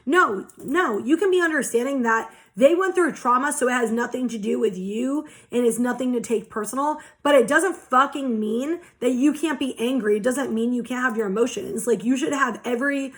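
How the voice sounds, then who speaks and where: A woman's voice: on the high side, moderate pace. A young woman giving a casual oracle card reading, talking passionately and bluntly with lots of swearing. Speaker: tarot reader.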